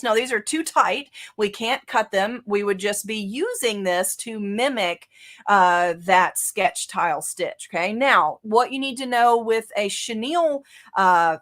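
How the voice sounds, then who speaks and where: A woman with a Southern US accent, giving a casual live software tutorial as the instructor and talking through each click with frequent fillers. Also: medium pitch. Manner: casual, chatty, thinking aloud with fillers.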